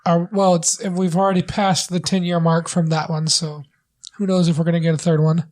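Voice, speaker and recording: A man co-hosting a casual movie review podcast, talking in a halting way with many fillers and restarts. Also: on the high side, level tone, a little mellow. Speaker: podcast co-host.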